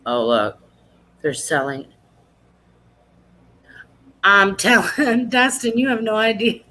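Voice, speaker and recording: Woman, group host, bright and lively, teasing casual chat. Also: medium pitch, takes it slowly, rough recording. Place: online video meeting.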